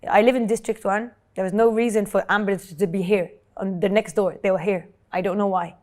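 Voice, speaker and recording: Woman, earnest, halting, personal storytelling, interview guest. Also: mid-range voice, steady tone, a little mellow. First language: French. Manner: earnest, halting, repeats words when moved. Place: Dubai.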